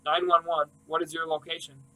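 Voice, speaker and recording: A man voicing a calm, businesslike female emergency dispatcher asking procedural questions. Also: a little high, fairly quick, low-quality recording.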